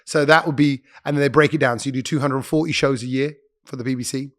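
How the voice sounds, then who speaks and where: A man, a radio presenter, chatting as a podcast guest and telling stories quickly, often breaking off to correct himself. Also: medium pitch, fairly even intonation, fairly bright tone. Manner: quick, chatty storyteller who interrupts himself. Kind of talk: casual interview chat.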